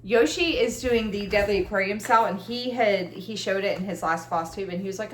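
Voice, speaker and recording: A woman's voice: medium pitch, fairly quick, hardly any pauses, roomy sound, slight background noise. A woman talking casually about her cross-stitch projects, rambling and chatty, with self-deprecating laughs. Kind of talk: casual chat. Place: room at home.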